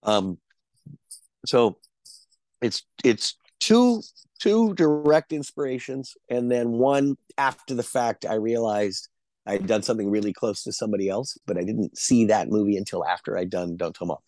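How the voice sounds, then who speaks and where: Low-voiced man telling rambling stories. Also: animated, normal speed, darkish tone, no room sound. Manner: rambling anecdotes with fillers and restarts. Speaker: actor guest. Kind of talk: casual interview chat.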